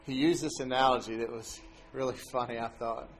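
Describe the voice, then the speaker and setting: A man's voice: mid-range voice, fairly quick, a little hiss or hum. A middle-aged man telling a personal faith story in a casual way, laughing often as he goes. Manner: animated storyteller who laughs as he tells it. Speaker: guest telling a faith testimony. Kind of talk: casual spoken testimony.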